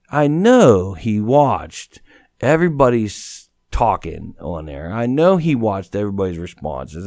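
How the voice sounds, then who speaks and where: A man telling a story as a podcast guest in casual, animated chat, swearing often and repeating "you know what I mean". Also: on the low side, no room sound, studio quality.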